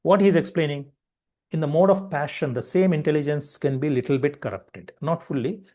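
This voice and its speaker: Male spiritual teacher, fairly high voice, lecturing style, works in everyday examples. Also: brisk, dark tone. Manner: explains with repeated everyday examples.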